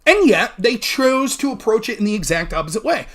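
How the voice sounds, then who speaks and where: A man's voice: sits high, big pitch swings, fairly quick. A man hosting a political talk show, recapping a debate in a heated, argumentative way with emphatic, sometimes profane remarks. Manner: argumentative, mimics opponents mid-sentence.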